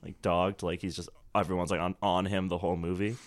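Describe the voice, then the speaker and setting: A man's voice: low-pitched, flat delivery, fairly quick, no echo, studio quality. A young man co-hosting a podcast, chatting casually and joking, acting out little scenes and puns. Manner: jokey, acts out scenes with silly voices and puns. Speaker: podcast co-host. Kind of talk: casual chat.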